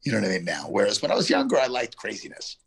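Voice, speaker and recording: A man's voice: fairly low pitch, wildly swooping pitch, very fast, gravelly, slightly rough. A middle-aged man from Yonkers, a guest actor telling a rambling, reflective story in a casual interview, full of fillers and restarts. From Yonkers, New York.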